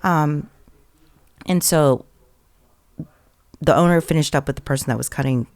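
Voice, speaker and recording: A woman's voice: low voice, unhurried, a little mellow, dry recording. A woman co-hosting a podcast, casually telling a personal faith story and acting out what others said. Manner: storytelling, acts out others' lines in quotes. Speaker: podcast co-host.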